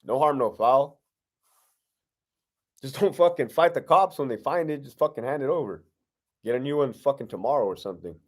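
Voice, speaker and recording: A man's voice: medium pitch, expressive, moderate pace, pauses often. A middle-aged man, a former prison lieutenant, hosting a casual live-stream Q&A, talking bluntly with heavy profanity and streetwise slang. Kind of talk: casual live-stream Q&A reading viewer questions.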